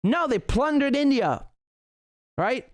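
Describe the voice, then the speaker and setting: A man's voice: very high-pitched, big pitch swings, slow pace, no room sound. A man hosting a livestream political commentary show, ranting heatedly with profanity and frequent restarts. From Britain.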